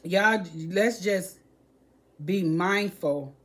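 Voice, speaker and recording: Older woman, slow and pleading, preachy home vlogger warning her viewers. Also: medium pitch, a bit bright. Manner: pleading, preachy, repeats herself, acts out voices.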